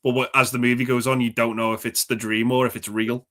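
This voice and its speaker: A man chats about films in a bright, forceful voice. He rambles with eager enthusiasm and swears freely. His pitch sits in an ordinary middle range. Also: flat delivery, fast. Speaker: movie podcast co-host. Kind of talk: casual film chat.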